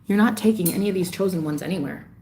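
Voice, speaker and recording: A woman delivering a fiery, preachy monologue straight to her viewers, swearing freely and scolding them, with sharp jumps in pitch on her outbursts. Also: fast, slight background noise. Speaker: spiritual vlogger. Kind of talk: ranting monologue to camera.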